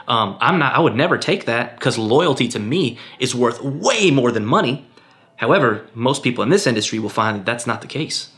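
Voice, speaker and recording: A young man, a filmmaker, answering interview questions in a relaxed, candid way, with lots of fillers and quick acted-out quotes of other people. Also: medium pitch. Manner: relaxed and candid, many fillers like um and you know; acts out other people's lines in a raised voice. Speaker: filmmaker guest.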